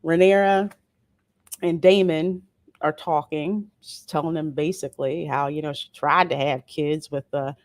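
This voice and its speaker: A woman with a lowish voice hosts a casual livestream review, chatting easily and reading out viewer comments. The sound is close and dry, with no room around it. Her delivery is relaxed and playful, full of quick asides. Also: no echo. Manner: chatty, reads viewer comments aloud and answers them. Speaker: host of a show review channel.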